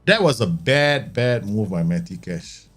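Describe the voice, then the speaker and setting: A man's voice: fairly low pitch, lively intonation, measured pace, a bit bright, faint music behind. A man streaming a football management game, talking through the match and exclaiming and grumbling at his team. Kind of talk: live gameplay commentary.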